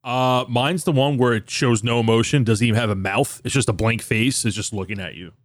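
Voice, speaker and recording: A man acting as dungeon master, narrating a tabletop game and chatting with players in an animated storytelling manner. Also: mid-range voice, fairly quick, no room sound, clean studio sound. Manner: animated storyteller, laughs easily.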